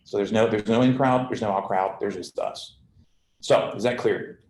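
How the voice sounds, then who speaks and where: A man commanding a squadron speaks to his officers in a blunt, conversational way, peppering his account with military shorthand and easy fillers. His voice sits low, and the room around him rings with a noticeable echo over a faint hum of ambience. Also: normal speed, a little mellow. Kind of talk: candid briefing to his officers.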